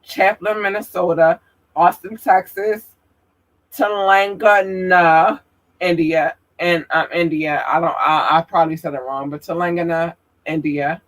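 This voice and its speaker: A woman hosting a podcast, reading out a long list of listener towns slowly and apologizing for possible mispronunciations. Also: low voice, fairly even intonation. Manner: slow, careful, apologetic about pronunciation. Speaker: podcast host.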